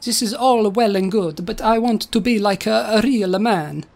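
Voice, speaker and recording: A woman's voice: medium pitch, moderate pace, gravelly, darkish tone. A woman doing a mock-Italian robot knight. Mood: boastful. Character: bragging male robot knight come to life.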